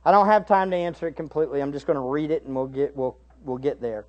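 A man preaching a sermon as pastor, shifting between hushed asides and raised, emphatic questions to the congregation. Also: a little high, very animated, moderate pace, highs cut off. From United States. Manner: rhetorical tag questions to the congregation.

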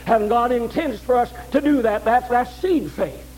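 A man's voice: very high voice, moderate pace, darkish tone, slight background noise, low-quality recording. An older man preaching a sermon in a folksy way, repeating phrases and checking in with his listeners. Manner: folksy, repeats phrases, asks "all right?".

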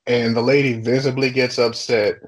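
A young adult man casually telling a workplace story on a podcast, swearing freely and talking with animated energy. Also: mid-range voice, moderate pace, poor audio. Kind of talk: casual chat.

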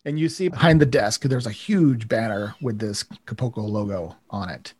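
A man's voice: on the low side, normal speed, darkish tone, slightly rough. A man narrating as game master, casual and rambling with many fillers.

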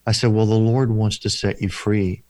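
A man telling a personal ministry story in an interview, earnest and slowing down for emphasis as he acts out the dialogue. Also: on the low side, steady tone, a little mellow, dry recording. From former Protestant, now Catholic. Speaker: deliverance minister, guest.

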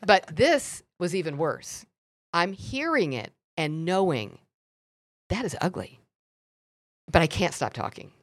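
A middle-aged woman telling a candid personal story on a podcast, expressive and animated. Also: lowish voice, unhurried, long pauses, no echo. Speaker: podcast guest.

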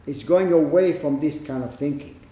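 A man giving a Zen dharma talk, plain-spoken and emphatic, with pauses and rhetorical questions, in a meditation hall. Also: on the high side, warm tone. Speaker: Zen teacher.

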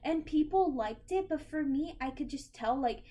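A young American woman in casual chat, animated and full of fillers. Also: high voice. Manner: animated, filler-heavy, quick to laugh.

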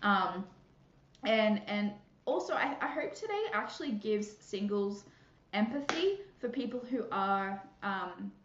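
A woman's voice: medium pitch, big pitch swings, a little slow, noisy background. A woman hosting a casual Christian podcast, bubbly and chatty, laughing often and filling gaps with fillers and restarts. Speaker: podcast host. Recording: echoey room, muffled sound.

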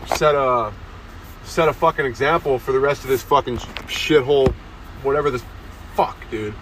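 A man's voice: mid-range voice, normal speed, fairly bright tone. A young man hosting a comedy podcast, ranting crudely outdoors and saying "dude" constantly into a phone held to his face. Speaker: podcast host. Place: outdoors in a town, near parked cars. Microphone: phone held close to the face. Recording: phone recording outdoors with faint street noise.

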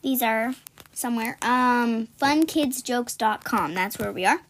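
A young woman co-hosts a casual podcast, reading jokes aloud and explaining the punchlines amid lots of giggling. Her voice is on the high side and a bit bright, and she speaks a little slowly.

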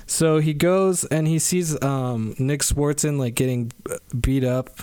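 Smooth-voiced, laid-back male podcaster. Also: fairly high pitch, fairly even intonation, slow, a little mellow, no room sound. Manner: laid-back, rambling, lots of fillers like "um" and "like". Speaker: podcast co-host. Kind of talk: casual chat retelling a movie plot.

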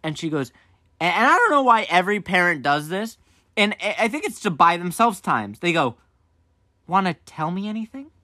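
A young man spins an animated, rambling story, with a fairly high, bright and sharp voice. The recording is close and dry. He keeps acting out both sides of the talk. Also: brisk, dry recording. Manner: animated, rambling, full of "I was like". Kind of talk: casual storytelling.

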